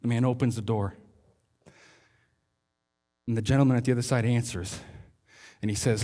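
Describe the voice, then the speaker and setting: A male pastor preaching a sermon, telling a story and slowing down to stress his key lines. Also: medium pitch, steady tone, mellow.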